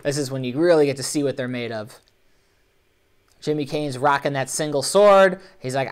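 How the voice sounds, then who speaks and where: A man hosting a live online show, commenting on competition videos with animated, joking, playfully sarcastic energy. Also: medium pitch, moderate pace, smooth.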